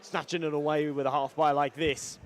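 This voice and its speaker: A man doing live color commentary on an esports match, goofy and animated. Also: on the high side, a little fast. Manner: goofy, animated, does silly sound effects. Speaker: esports caster.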